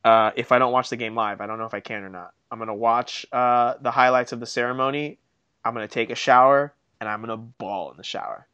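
A young man co-hosting a casual sports podcast, telling stories in an animated, self-mocking way. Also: mid-range voice, fairly quick, smooth, muffled recording. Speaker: podcast co-host.

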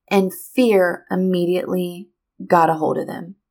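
A middle-aged woman telling a personal story to teachers, animated and speaking straight to her listeners. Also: mid-range voice, unhurried. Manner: animated, addresses listeners directly.

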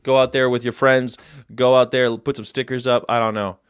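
A man's voice: mid-range voice, level tone, a little fast, smooth, no echo, studio quality. A man hosting a casual livestream, rambling and chatty as he reacts to viewer comments and tells history tidbits. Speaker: host.

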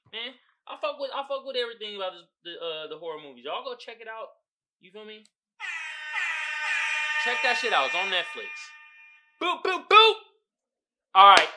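A man hosting his own podcast, talking casually and profanely, often breaking into loud laughing outbursts. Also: medium pitch, noisy background. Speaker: podcast host. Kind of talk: casual solo podcast talk.

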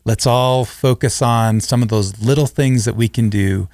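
Male co-host, low gravelly voice, halting and earnest, dry sound. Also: a little mellow, dry recording. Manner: halting, many restarts, earnest. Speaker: podcast co-host. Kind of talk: casual podcast chat.

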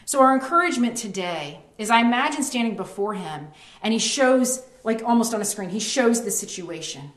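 A woman's voice: on the high side, lively intonation, fairly quick. Earnest woman sharing a faith testimony. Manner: earnest, storytelling with restarts. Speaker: ministry co-host. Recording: roomy echo.

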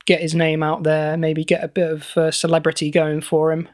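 A man co-hosting a comedy podcast, telling a mock-serious story with deadpan banter. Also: fairly high pitch, moderate pace. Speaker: podcast co-host.

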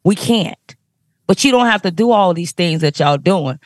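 A woman's voice: fairly low pitch, lively intonation, moderate pace, dry recording, clean studio sound. A woman from Florida on a podcast panel, speaking bluntly and emphatically with heavy profanity. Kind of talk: heated podcast discussion.

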